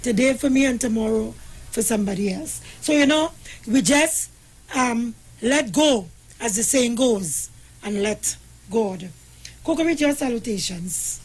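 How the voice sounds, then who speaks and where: A woman's voice: a little high, lively intonation, a little slow, husky, poor audio. A woman hosting a radio talk show, upbeat and teasing her co-host, with churchy sayings.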